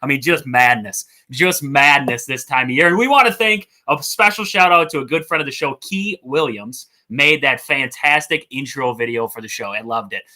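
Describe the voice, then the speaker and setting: A man hosting a casual sports podcast, talking excitably and rambling as he calls out to viewers. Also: mid-range voice, moderate pace, hardly any pauses. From Wisconsin. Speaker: podcast host.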